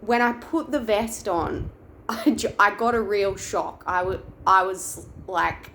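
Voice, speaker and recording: A woman's voice: mid-range voice, slow, fairly bright tone, slight background noise. A young woman, casually telling a personal story with lots of fillers and restarts. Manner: chatty, many "like" fillers and restarts. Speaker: wellbeing vlogger.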